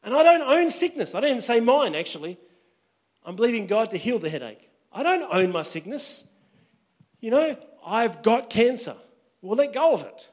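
A man preaching a sermon in a very high voice. He is chatty and tells funny stories as he goes. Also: very animated, normal speed. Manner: conversational, storytelling with humor. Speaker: pastor.

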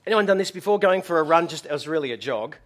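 A man's voice: fairly high pitch, fast talker. A man preaching a sermon, telling stories animatedly and acting out voices. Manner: animated storytelling, acts out voices and shouts. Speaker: pastor.

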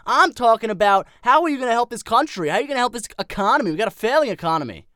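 A hot-headed male political pundit, played by a man on a parody podcast. He rants and works himself up, his voice leaping high and low. The close mic sounds dry and clean. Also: expressive, rapid-fire, sharp tone, dry recording, full character voice. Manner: ranting, easily worked up.

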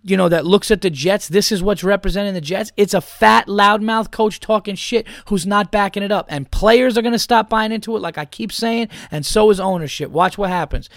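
A man's voice: sits high, a little fast, vocal fry, few pauses, no echo, clean studio sound. A man hosting a podcast, ranting about football in a heated, profane way and repeating his points. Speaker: podcast host. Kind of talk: opinionated sports rant.

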